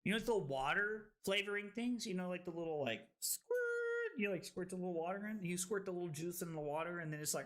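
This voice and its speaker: A young woman streaming and commentating a card game tournament, animated and quick to laugh. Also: fairly low pitch.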